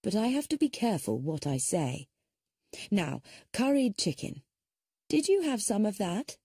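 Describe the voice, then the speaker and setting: A woman voicing a tired, shrewd male country doctor, speaking low and measured. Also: very animated, mellow, husky, no echo, clean studio sound, full character voice.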